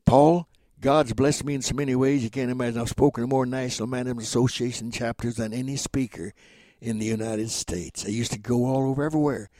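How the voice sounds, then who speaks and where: A man in his seventies from Oklahoma, telling stories as an interview guest in an animated, rambling, dramatic way. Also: medium pitch, fast talker, no echo. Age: 70s. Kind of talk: storytelling interview.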